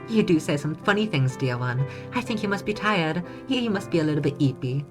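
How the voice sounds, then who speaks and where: A woman voicing a sweet, playful young princess in a soft, coaxing, slightly hoarse voice while reading a visual novel aloud. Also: low-pitched, lively intonation, brisk, over music, voice pushed up. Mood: tender.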